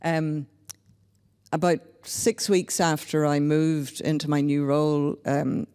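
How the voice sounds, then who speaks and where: A woman's voice: sits low, fairly even intonation, slow pace, mellow, clean tone, big-room sound. A woman from Northern Ireland speaking candidly and reflectively as a panelist at a public discussion. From Northern Ireland (County Antrim). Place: large hall at a public panel event.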